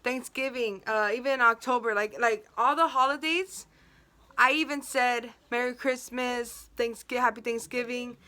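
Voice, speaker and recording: A woman's voice: on the high side, fairly even intonation, a little slow, pushed and bright. A young woman telling a personal story on her vlog, emotional and venting, filled with "like" and quoted dialogue.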